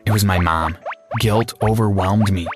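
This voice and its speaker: A man with a low voice narrates a first-person story in an earnest, plain way. Faint music runs under him throughout. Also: steady tone, moderate pace.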